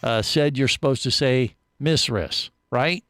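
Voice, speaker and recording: Man, radio host, casual studio banter, animated storyteller, dry close sound. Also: medium pitch, takes it slowly, no room sound. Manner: animated storyteller, many restarts.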